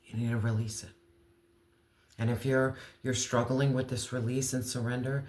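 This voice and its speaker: A man giving an earnest, emotional tarot reading, slowing down to stress key words. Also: medium pitch, level tone, darkish tone, echoey room. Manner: earnest, emotional, slow deliberate emphasis. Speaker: tarot reader.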